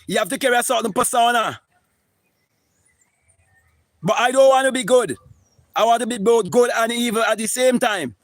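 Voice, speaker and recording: Fiery high-voiced man preaching. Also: normal speed, pauses often, no room sound. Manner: emphatic, preachy and profane, with repeated words. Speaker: spiritual teacher streaming live. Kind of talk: impassioned live-stream monologue.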